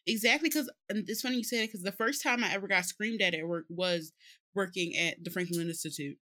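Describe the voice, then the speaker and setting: A woman's voice: medium pitch, brisk. A woman co-hosting a podcast, telling stories expressively in casual chat. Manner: expressive, laughing storyteller.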